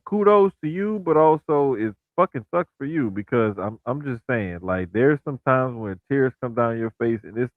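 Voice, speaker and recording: A man's voice: lowish voice, no echo. Man on a tinny phone-like line. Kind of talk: casual podcast chat. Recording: tinny phone-like remote audio.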